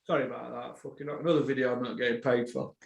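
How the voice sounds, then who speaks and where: A man hosting a boxing podcast, ranting, swearing and bursting into shouts. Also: medium pitch, flat delivery, fast, gravelly, echoey room, lo-fi sound.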